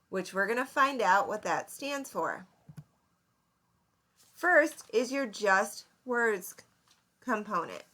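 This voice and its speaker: A woman teacher giving a recorded lesson, explaining slowly and clearly and asking her students questions. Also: mid-range voice, a bit bright. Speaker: seventh grade English teacher.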